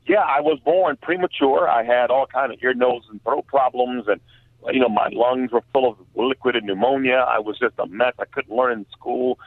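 Gravelly man on a tinny phone line. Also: mid-range voice, steady tone, dry recording. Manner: earnest, halting storytelling with many fillers. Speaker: guest author. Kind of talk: personal testimony in a radio interview.

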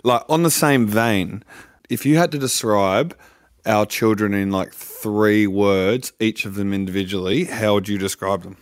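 A man in his thirties co-hosts a podcast with teasing, wry banter. His voice sits low. The recording is close and dry. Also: unhurried, no echo. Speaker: podcast co-host. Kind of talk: casual chat.

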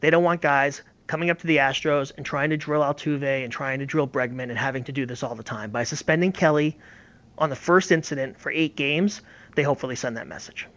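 A man's voice: medium pitch, brisk, a bit bright, highs cut off. A man giving emphatic, opinionated baseball analysis in casual sports talk, often repeating words as he talks.

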